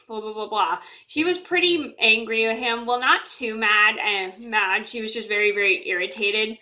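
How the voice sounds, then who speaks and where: A woman with a bright, somewhat high voice tells a personal story straight to camera. Her talk is loose and rambling, full of fillers and restarts, and she keeps trailing off with "blah, blah, blah". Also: moderate pace, hardly any pauses. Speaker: storyteller vlogger.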